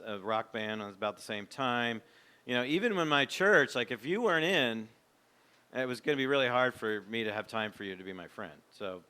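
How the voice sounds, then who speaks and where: A man's voice: lowish voice, sharp tone, smooth. A man in his fifties, a former pastor, giving a candid, reflective, conversational talk to a men's gathering.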